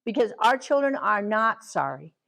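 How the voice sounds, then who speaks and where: Animated woman giving a parenting training talk. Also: medium pitch, creaky, rough recording. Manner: animated, acts out children and parents in quick asides.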